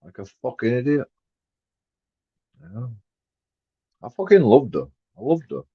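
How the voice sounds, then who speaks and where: A man, rambling profanely on a live stream and swinging between mumbled asides and loud outbursts. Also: mid-range voice, very animated, measured pace, slightly rough, dry recording. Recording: dry, dull lo-fi sound.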